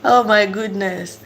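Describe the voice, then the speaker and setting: A mother from Africa tells stories in a casual vlog, mid-pitched and animated. She slips into acted-out voices and laughs often. A constant noisy background with passing vehicles runs under her voice.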